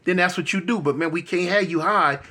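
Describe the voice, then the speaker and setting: A man's voice: high-pitched, a little fast, pushed and bright. A man telling a story in a loose, conversational way, often checking in with the listener. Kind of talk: casual street storytelling.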